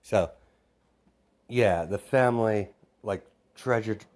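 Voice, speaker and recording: A low-voiced man talks slowly through a fan-made story. He rambles, restarts sentences and fills gaps with "you know". His delivery is casual and unhurried. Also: a little mellow. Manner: rambling, full of fillers and restarts. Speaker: narrator.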